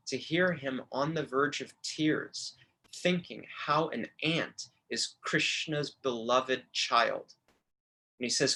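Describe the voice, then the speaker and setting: Guy giving a temple class, bright forceful voice, heartfelt and earnest. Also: fairly high pitch. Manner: earnest, emotional, quotes scripture and teachers with feeling. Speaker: temple lecturer. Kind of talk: devotional class lecture.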